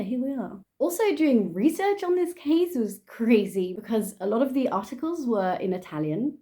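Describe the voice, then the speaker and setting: A woman's voice: medium pitch, dark tone. A Dutch woman, speaking English, narrating a true crime case casually with sarcastic asides. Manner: chatty, sarcastic asides, frequent laughs.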